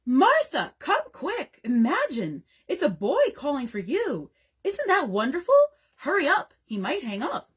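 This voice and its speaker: A woman reading aloud as a mischievous boy who teases with mock surprise and excitement. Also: on the high side, a little slow, slightly rough, full character voice. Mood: teasing. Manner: mock-incredulous, gleefully teasing.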